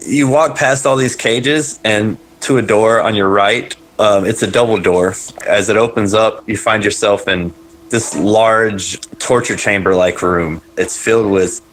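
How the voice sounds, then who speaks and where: A man's voice: lowish voice, unhurried, a bit bright, rough recording. A man narrating as game master in a tabletop role-playing game, in a hesitant way with many ums and restarts.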